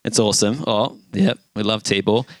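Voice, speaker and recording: A middle-aged man, preaching a sermon and acting out a lively story. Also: lowish voice, normal speed, dry recording. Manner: animated storyteller, acts out voices with shouts and gasps. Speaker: pastor.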